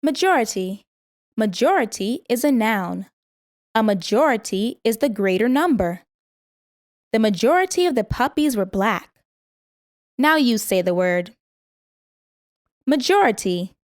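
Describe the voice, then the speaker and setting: A woman reading a vocabulary lesson, saying each word, its part of speech, its meaning and an example sentence, and pausing for the listener to repeat it. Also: fairly high pitch, animated, no echo, studio quality. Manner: slow, careful word-by-word pronunciation. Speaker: vocabulary teacher.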